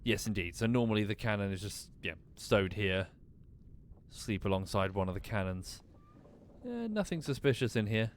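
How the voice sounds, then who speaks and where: A man's voice: on the low side, expressive, moderate pace, a little hiss or hum. A man streaming a mystery game, casually thinking aloud, muttering and swearing now and then. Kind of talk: casual gameplay commentary.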